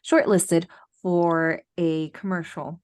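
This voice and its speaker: A woman's voice: lowish voice, fairly even intonation, slow, clean tone. Hesitant woman co-host asking questions. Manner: hesitant, self-correcting questioner. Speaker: podcast co-host. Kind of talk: casual chat.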